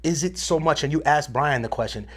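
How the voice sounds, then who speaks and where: A man's voice: fairly high pitch, brisk, husky. A man co-hosting a podcast, thoughtfully working through a long question in casual talk. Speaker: podcast co-host. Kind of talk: casual discussion.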